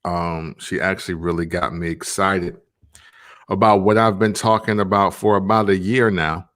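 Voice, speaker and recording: A man's voice: sits low, level tone, moderate pace, a bit bright. A man in his thirties hosting a casual vlog, talking in a laid-back, rambling way with lots of fillers. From Tennessee, USA. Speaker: vlog host.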